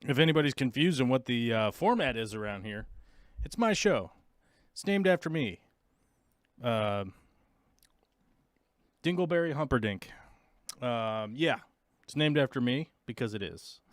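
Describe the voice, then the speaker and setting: A man's voice: medium pitch, lively intonation, unhurried, pauses often, dry recording, studio quality. A man hosting his own long-format podcast, opening with playful, rambling banter and joking asides. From United States. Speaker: podcast host. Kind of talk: goofy live-stream opening banter.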